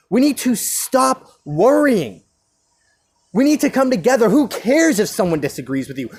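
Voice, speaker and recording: High-voiced man ranting. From United States. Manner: impassioned, rhetorical questions, restarts. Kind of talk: solo rant.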